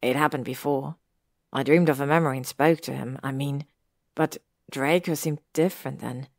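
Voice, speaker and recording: Woman reading as a stubborn young guy, frustrated and pushy, low gravelly voice, dry sound. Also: fairly even intonation, moderate pace, dry recording, heavily acted. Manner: insistent, raises his voice. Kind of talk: audiobook reading of fan fiction.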